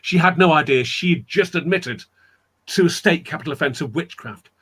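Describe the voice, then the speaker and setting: A man's voice: on the high side, moderate pace, breathy edge. A man telling a dramatic folk tale as a guest storyteller, acting out the characters' voices. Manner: animated, acts out characters' voices.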